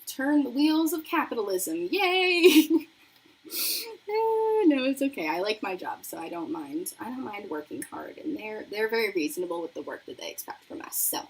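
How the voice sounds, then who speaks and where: A woman's voice: mid-range voice, husky, poor audio. A young woman chatting casually on a makeup livestream, bubbly and talkative as she reads viewer comments. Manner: chatty and bubbly, reading chat aloud. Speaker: beauty livestream host. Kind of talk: casual livestream chat while doing makeup.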